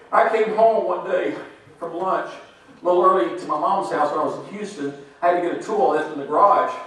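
A man giving a lively testimony to a congregation, quoting scripture and laughing as he tells his stories. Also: fairly high pitch. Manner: animated storytelling, quotes scripture, laughs often. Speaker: church member giving testimony. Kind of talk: sermon-like testimony. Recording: echoey hall, speaker far from mic.

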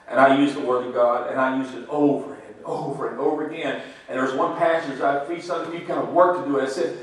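A man giving a lively testimony to a congregation, quoting scripture and laughing as he tells his stories. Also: mid-range voice, quick pace. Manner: animated storytelling, quotes scripture, laughs often. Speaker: church member giving testimony. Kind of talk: sermon-like testimony. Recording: echoey hall, speaker far from mic.

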